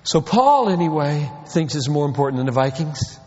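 Male pastor preaching emphatically, high lively voice, dull recording in a reverberant hall. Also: normal speed. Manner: emphatic, rhetorical questions, swings from quiet to loud. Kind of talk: sermon.

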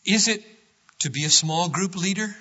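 A male pastor giving a sermon, swinging from quiet, low passages to loud, emphatic preaching. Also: moderate pace, muffled recording.

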